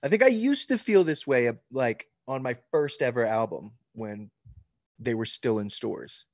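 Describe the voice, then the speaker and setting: A man's voice: mid-range voice, animated, moderate pace, dry recording, highs cut off. A man chatting candidly at a book signing, joking and swearing freely while he signs books. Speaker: author answering fan questions. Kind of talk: casual interview chat.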